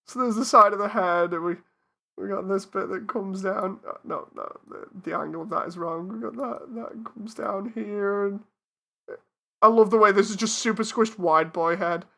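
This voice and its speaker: A woman's voice: medium pitch, normal speed, sharp tone. A woman streamer in casual live-stream commentary, talking herself through a task and laughing at her own mistakes.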